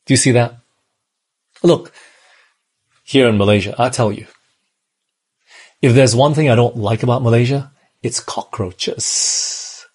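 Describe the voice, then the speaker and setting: A man's voice: medium pitch, fairly even intonation, moderate pace, long pauses, a little mellow, slightly rough. A man from Australia, preaching a sermon in a conversational way and often checking in with the listeners. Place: church in Malaysia.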